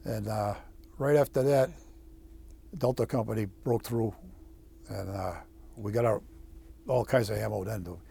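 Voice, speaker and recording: Older-sounding ex marine guy telling his war story, lots of uh and restarts, swears, warm low tone. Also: steady tone, gravelly, husky. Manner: halting, with frequent "uh" and restarts; blunt, swears freely. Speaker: veteran interviewee. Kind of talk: oral history storytelling.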